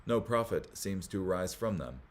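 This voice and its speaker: A man hosting a Bible study, reading commentary aloud in a measured way, with small slips that he corrects as he goes. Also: low-pitched, expressive.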